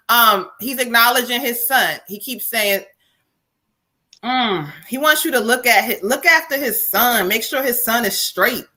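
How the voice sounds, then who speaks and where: Woman medium, live-stream reading, higher voice, bright and forceful, slangy profane delivery. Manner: slangy and profane, relays a spirit's words in lively bursts.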